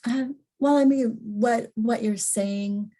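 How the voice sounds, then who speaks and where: A woman's voice: fairly high pitch, slow, dark tone. A woman guest on a podcast, talking thoughtfully and hesitantly with some restarts. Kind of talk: conversational podcast talk.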